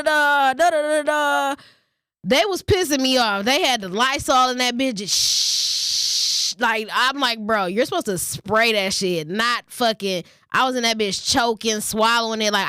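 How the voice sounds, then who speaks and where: A woman's voice: mid-range voice, bright, forceful tone, no room sound, clean studio sound. A woman vlogger who reads a short passage aloud, then rants casually and bluntly with plenty of swearing. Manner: profane, blunt storytelling with ranting asides. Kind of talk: casual storytelling vlog.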